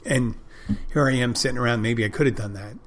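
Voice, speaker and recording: A man's voice: mid-range voice, a little fast. A man rambles through a casual podcast monologue. He is blunt, swears freely, and often restarts and repeats his phrases as he works out what he means. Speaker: podcast host.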